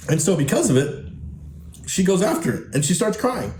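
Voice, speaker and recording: A man's voice: a little high, big pitch swings, a little fast, a little mellow. Blunt, swearing male coach on a podcast, echoey room with faint hiss. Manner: blunt, profane, emphatic, preachy. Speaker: podcast host and men's coach. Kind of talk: podcast monologue.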